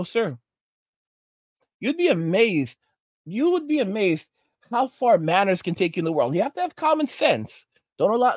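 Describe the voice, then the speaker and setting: A man hosting a commentary channel, telling stories in a halting, rambling way full of restarts and preaching about manners. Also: high-pitched, no echo. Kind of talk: reaction commentary monologue.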